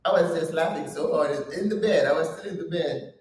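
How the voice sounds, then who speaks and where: A woman's voice: low-pitched, brisk, a little mellow, far from the mic. Older woman chatting while stretching, echoey. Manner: chatty, laughs often, breathy exertion sounds. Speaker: channel host. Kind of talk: casual vlog while exercising.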